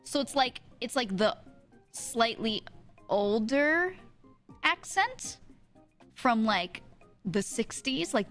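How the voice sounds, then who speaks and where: A young woman with a New Jersey accent chats casually on stream. She laughs often, reads chat messages aloud, and keeps a relaxed, mid-pitched voice, with faint music underneath. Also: creaky.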